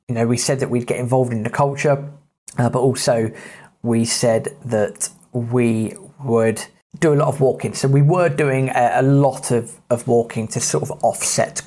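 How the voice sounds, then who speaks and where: English man, 30s, podcast host, casual travel storytelling, chatty, blunt, slangy, medium pitch. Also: a little mellow. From England.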